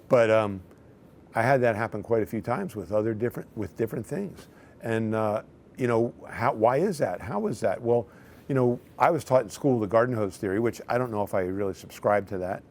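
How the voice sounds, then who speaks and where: A man's voice: lowish voice, brisk, a little mellow. A middle-aged male chiropractor telling patient stories in a conversational way, now and then acting out what people said. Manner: conversational, acts out patients' lines in quotes. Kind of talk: storytelling talk to camera.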